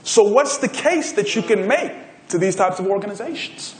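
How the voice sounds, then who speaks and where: A keynote speaker tells a story at a conference, pulling the audience in with an energetic, motivational delivery. His voice sits high at a moderate pace in an echoey room.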